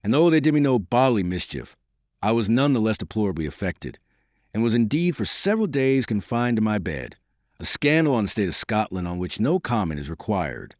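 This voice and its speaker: A man reading an audiobook in a measured, formal storytelling manner. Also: fairly low pitch, big pitch swings, darkish tone, dry recording, studio quality. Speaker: audiobook narrator. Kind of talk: scripted audiobook narration.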